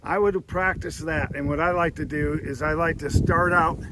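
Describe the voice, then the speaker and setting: A man's voice: a little high, fairly even intonation, normal speed. A man with a slightly raised voice teaches duck calling in a plain, down-to-earth way. He circles back over his points and restates them as he talks. A faint noise sits behind him. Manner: plainspoken, repeats himself, demonstrates calls between explanations. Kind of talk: instructional demonstration.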